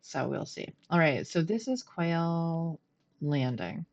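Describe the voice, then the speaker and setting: A woman's voice: low voice, lively intonation, slow. A middle-aged woman streaming a game from home, chatting casually, laughing often and poking fun at herself. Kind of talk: casual gameplay commentary.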